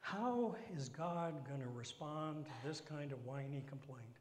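A man preaching a sermon, with dramatic drops into whispered asides and slow emphatic phrasing. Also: mid-range voice, darkish tone, slight background noise. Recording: echoey hall.

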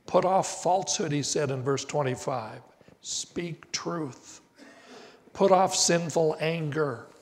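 Older male pastor, unhurried emphatic sermon delivery, voice sits a bit high, long church-hall reverb. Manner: slow, deliberate preaching with emphatic rises. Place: church sanctuary.

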